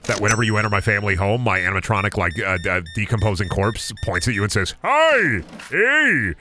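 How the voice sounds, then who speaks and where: Man, gaming streamer, quick talker, lowish voice, rambling absurd jokes. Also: steady tone. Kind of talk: casual livestream chatter.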